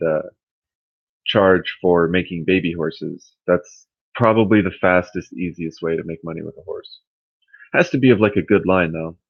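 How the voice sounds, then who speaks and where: A man hosting a casual livestream, rambling and thinking out loud as he answers his chat. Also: low voice, gravelly, breathy edge, dry recording, highs cut off. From California.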